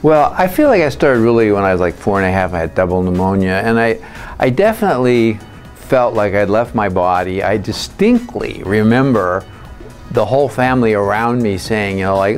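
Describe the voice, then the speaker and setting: A man's voice: on the low side, animated, moderate pace, faint music behind. A man who works as a party psychic, telling stories in a rambling, anecdotal way with lots of fillers. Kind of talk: storytelling interview answers.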